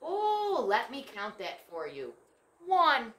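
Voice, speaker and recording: A boastful little male squirrel chatters in a high, eager voice, stretching out his words as he counts his nuts, as a woman reading a storybook puts him on. The voice is bright and jumps all over, with a roomy echo around it. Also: wildly swooping pitch, slow, heavily acted. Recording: echoey room.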